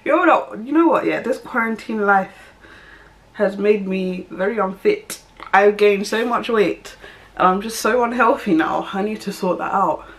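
A woman's voice: medium pitch, normal speed, a bit bright. A young woman, giving her opinion in a casual vlog, emphatic and repeating her points. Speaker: vlogger.

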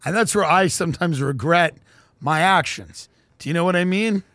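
A man hosting a podcast, doing a profane, deadpan comedic ad read that swings into shouted rants. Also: fairly high pitch, normal speed, dry recording. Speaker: podcast host reading ads.

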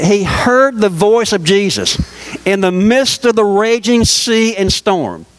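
A man's voice: high voice, poor audio. A man preaching a sermon, telling stories with lots of rhetorical questions to the congregation.

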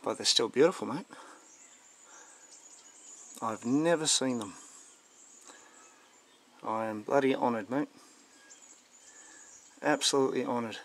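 A man with an Australian accent, chatting excitedly on a camera as he climbs through the bush. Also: medium pitch, takes it slowly, long pauses, a little hiss or hum. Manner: excited, chatty, calls everyone mate. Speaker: bushwalker filming. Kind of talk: casual outdoor vlog. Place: outdoors in the bush, climbing a hill.

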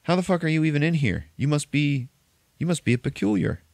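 Man doing an excitable teenage boy. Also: a little high, a little fast, creaky, no echo, pitched above the performer's own voice. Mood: excited. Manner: startled, casual, swearing. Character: excitable teenage boy who sees monsters.

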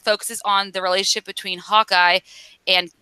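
A woman co-hosting a laid-back comic book podcast, talking through the story in a loose, rambling way with plenty of ums. Her voice is bright and crisp, and the sound is dry and close. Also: mid-range voice, little pitch movement, normal speed, no room sound, low-quality recording. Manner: chatty, rambling recap with fillers. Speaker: podcast co-host. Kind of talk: casual comic book discussion.

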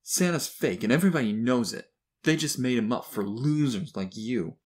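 A man doing a loud, jeering schoolboy bully. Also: medium pitch, lively intonation, moderate pace, husky, voice pushed up. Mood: mocking. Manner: shouting, taunting.

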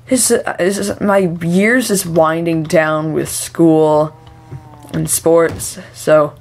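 A young woman gives chatty, running commentary over her own gameplay in a fairly low voice for a woman. She rambles to herself and to the game characters, then flips into frantic, high-pitched shouting whenever something startles her. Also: drawn-out words, a little hiss or hum. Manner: chatty, excitable, shrieks when startled. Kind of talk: let's play commentary.

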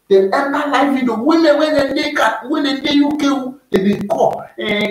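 A man from Nigeria talks in a high voice with a Nigerian Pidgin accent, lecturing in a casual, repetitive way. He keeps checking that his listeners are with him. His voice rings through a very echoey room, well away from the mic. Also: moderate pace, few pauses, recorded from a distance. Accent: Nigerian Pidgin English. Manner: preachy, repeats himself, keeps asking "you dey hear me". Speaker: YouTube vlogger giving advice. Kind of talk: casual advice monologue.

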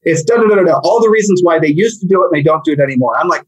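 Husky, animated man telling stories. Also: high-pitched, fast, few pauses, low-quality recording. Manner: animated, rambling, jokey storyteller. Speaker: real estate coach, guest. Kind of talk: casual podcast chat.

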